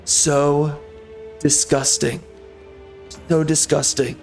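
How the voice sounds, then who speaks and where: Angry guy ranting over his gameplay, kinda high voice, faint music behind. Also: flat delivery, very slow, gravelly. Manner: angry, minced swearing, rhetorical questions. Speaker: gameplay video host.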